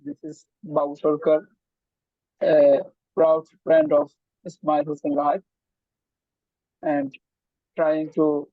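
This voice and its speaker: A man speaks slowly in a gravelly voice pitched a little high, heard over a tinny headset call line. He introduces himself to the group in a polite, hesitant way. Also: no echo. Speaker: webinar participant. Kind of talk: casual self-introduction. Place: online webinar. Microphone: headphone mic on a call.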